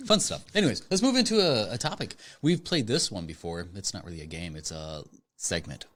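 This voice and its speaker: A man's voice: fairly low pitch, lively intonation, fairly quick, a bit bright. A man co-hosting a podcast, telling anecdotes and steering into segments. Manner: storytelling with acted-out quotes. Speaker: podcast co-host. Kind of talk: casual chat.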